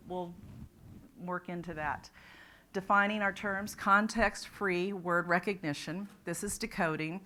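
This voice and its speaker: A woman's voice: lowish voice, fairly bright tone. A woman presenting a literacy talk at a conference, explaining ideas step by step with frequent restarts. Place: conference room.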